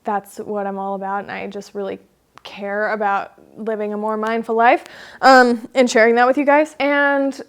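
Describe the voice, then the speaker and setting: A woman's voice: mid-range voice, level tone, moderate pace, clean tone. Woman vlogger, casual, dramatic storyteller, jokey and self-mocking, mid-range voice. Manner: chatty, dramatic retelling with frequent "like" and "um"; playful, self-mocking humor.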